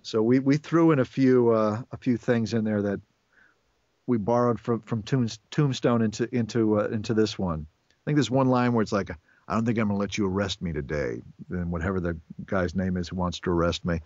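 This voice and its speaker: A man's voice: on the low side, normal speed, a little mellow, no room sound. A man being interviewed as a voice actor, chatting casually and rambling with frequent restarts. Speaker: voice actor guest. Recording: dull, dry lo-fi recording.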